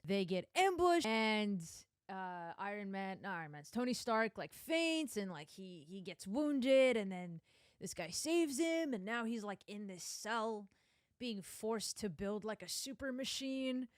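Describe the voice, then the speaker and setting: A young woman streamer giving casual reaction commentary on film clips, animated and emphatic, with frequent asides. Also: medium pitch, clear, resonant tone, no room sound, studio quality.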